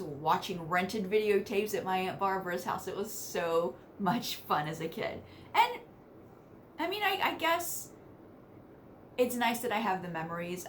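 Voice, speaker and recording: A woman's voice: fairly low pitch, slight background noise. A woman from West Virginia telling family stories to camera in a chatty, casual way. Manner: chatty, laughs between sentences, animated asides. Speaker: vlogger.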